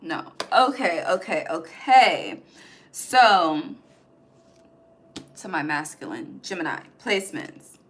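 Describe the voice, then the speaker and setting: A woman's voice: fairly low pitch, very animated, takes it slowly, pauses often. A woman giving a casual tarot reading, blunt and profane, often ending her points with "okay?". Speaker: tarot reader.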